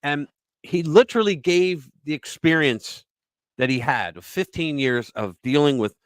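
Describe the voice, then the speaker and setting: Man, talk show host, rambling anecdote, restarts, fairly high pitch, dry sound. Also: animated, measured pace, clear, resonant tone, no room sound. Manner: rambling retelling with frequent restarts and fillers. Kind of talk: casual political talk show commentary.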